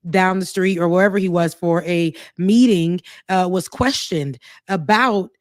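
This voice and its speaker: A woman of Haitian background co-hosting a podcast, animated and opinionated, sometimes mocking. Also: fairly low pitch, unhurried, dry recording, studio quality. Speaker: podcast co-host. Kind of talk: casual opinion talk.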